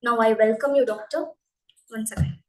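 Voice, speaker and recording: A woman's voice: fairly high pitch, fairly even intonation, normal speed. A woman moderating a webinar, introducing a guest speaker politely and formally. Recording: echoey room.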